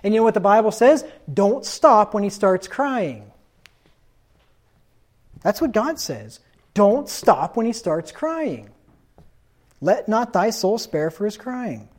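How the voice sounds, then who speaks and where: A man's voice: high-pitched, big pitch swings, takes it slowly, pauses often. A man preaching a sermon in a stern, insistent tone, reading scripture aloud and asking rhetorical questions.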